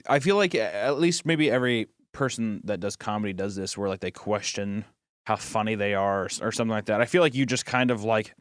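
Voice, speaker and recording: A man's voice: on the low side, brisk, clear, resonant tone, dry recording, studio quality. A man who is an animator co-hosting a comedy podcast, telling stories in casual banter and acting out quotes. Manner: animated storyteller, acts out quotes.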